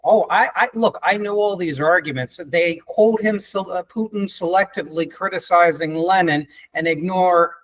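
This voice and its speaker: A man's voice: sits high, moderate pace, few pauses, fairly bright tone, poor audio. A man hosting a podcast, pressing his points emphatically and cutting in with challenges. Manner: pushy, emphatic, cuts in with challenges. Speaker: podcast host. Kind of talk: debate-style conversation.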